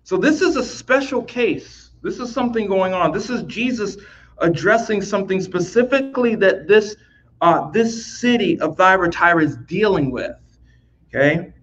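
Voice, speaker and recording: A man's voice: high-pitched, animated, moderate pace, a bit bright, muffled recording, slight background noise. A man teaching a Bible lesson in a conversational way, often restarting phrases and checking in with "right?" as he explains the text.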